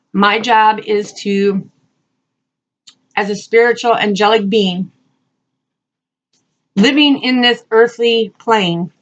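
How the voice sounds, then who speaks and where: A woman reading spiritual messages, earnest and repetitive, speaking encouragingly and asking spirit questions out loud. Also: mid-range voice, muffled recording. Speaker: spiritual reader and channel host. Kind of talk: casual spiritual card-reading talk.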